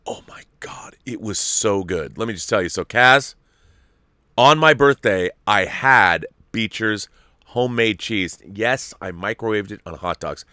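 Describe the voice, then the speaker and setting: A man hosting a casual live-stream chat, excitable and gushing, rambling with restarts. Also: on the low side, a little slow, dry recording, studio quality. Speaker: host.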